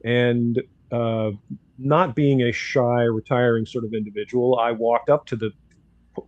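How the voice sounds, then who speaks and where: A man's voice: mid-range voice, fairly even intonation, unhurried, a little mellow, no room sound, lo-fi sound. An older man, a grandfather, bluntly telling a story in casual talk and acting out the dialogue. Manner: blunt, outspoken, acts out dialogue in quotes. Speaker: guest commentator.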